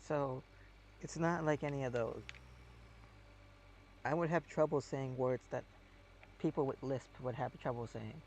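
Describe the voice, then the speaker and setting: A man's voice: medium pitch, fairly even intonation, measured pace, pauses often, a little mellow, a little hiss or hum. A man chatting casually while playing a game. He rambles and hesitates, with many fillers. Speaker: game streamer.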